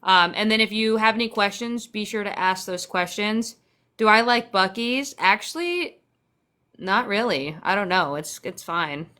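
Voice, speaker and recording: A woman's voice: medium pitch, animated, a little slow, sharp tone. A young woman from Central Texas, chatty and sarcastic, swearing casually as she hosts a phone livestream and answers viewer comments. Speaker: livestream host.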